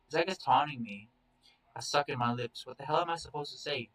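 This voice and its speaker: A man's voice: medium pitch, a little fast, a bit bright, distant mic, rough recording. Man narrating, set back from the mic. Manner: casual, profane, confessional. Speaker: story reader. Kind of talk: first-person story narration.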